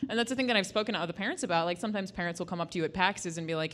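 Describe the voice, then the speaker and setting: A woman chatting casually as a podcast panelist, telling stories with animated, loudly acted-out quotes. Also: fairly low pitch, rapid-fire, hardly any pauses.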